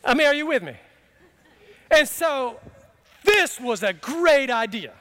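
A man's voice: extremely high pitch, lively intonation, unhurried, fairly bright tone. A man preaching a sermon in a conversational, humorous way, telling a story from his own life and asking the congregation questions. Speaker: pastor.

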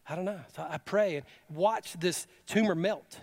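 A male pastor preaching a sermon, animated and casual, moving between loud urgent preaching and quiet conversational asides. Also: a little high, moderate pace. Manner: casual storytelling with quoted exclamations.

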